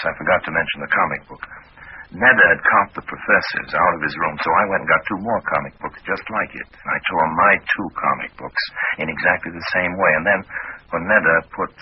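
An actor playing a wisecracking rogue who narrates his own adventure in a dry, wry, easygoing way, in 1950s radio acting. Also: sits low. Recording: muffled old radio broadcast with hiss.

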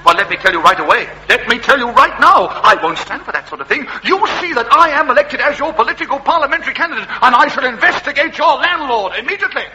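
A man's voice: very high-pitched, animated, quick pace, hardly any pauses, bright, forceful tone, a little hiss or hum, exaggerated voice, poor audio. A man playing a pompous candidate. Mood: indignant. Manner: pompous, indignant, blustering. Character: pompous upper-class male parliamentary candidate. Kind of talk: comedy radio sketch acting.

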